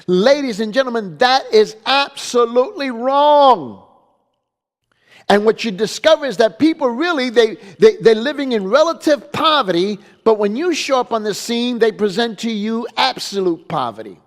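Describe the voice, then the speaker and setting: A man's voice: very high voice, animated, moderate pace, few pauses. A man, a pastor, giving a teaching lecture in an emphatic style, repeating phrases and asking "okay?" to drive points home. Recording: long reverb of a hall.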